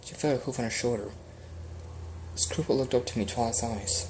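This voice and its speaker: A man's voice: mid-range voice, normal speed, background noise. A man earnestly reading fan fiction aloud as an amateur audiobook, with small slips.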